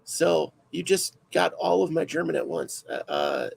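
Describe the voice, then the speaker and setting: A man's voice: on the high side, huge pitch swings, a little slow, creaky, low-quality recording. A man hosting a casual livestream chat, rambling and self-deprecating, full of fillers. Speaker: livestream host.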